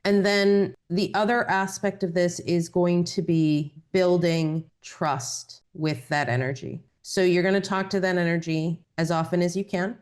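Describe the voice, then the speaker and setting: A woman reading Akashic records for a client, talking in a gentle, reassuring, measured way. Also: lowish voice, fairly even intonation. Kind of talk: spiritual guidance session.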